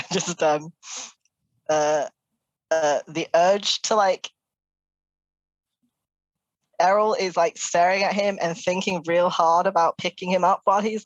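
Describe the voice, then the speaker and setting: A woman with a lowish voice playing a tabletop game, speaking slowly and laughing easily. Her voice sounds dry and close. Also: dry recording, dull audio. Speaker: player.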